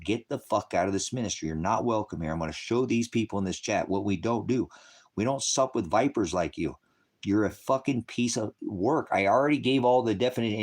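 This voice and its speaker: A man hosting a ministry livestream, angrily and profanely berating commenters in his chat while lecturing on scripture. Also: mid-range voice. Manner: angry, profane, combative; heckling and lecturing.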